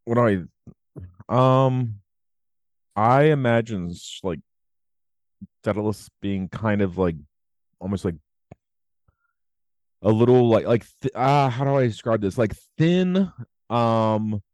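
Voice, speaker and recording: A man's voice: lowish voice, slow, long pauses, darkish tone, no echo. Hesitant man searching for words. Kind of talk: casual chat.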